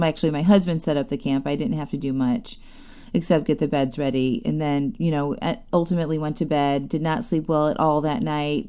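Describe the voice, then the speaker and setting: A woman in her thirties hosting a podcast, telling a personal story in a chatty, animated way with many fillers. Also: deep voice, clear, resonant tone. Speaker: podcast host. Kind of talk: casual storytelling monologue.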